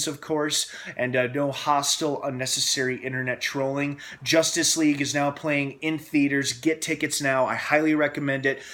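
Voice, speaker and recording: A young man hosting a casual film review, excitable and gushing, acting out scenes as he retells them. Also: mid-range voice.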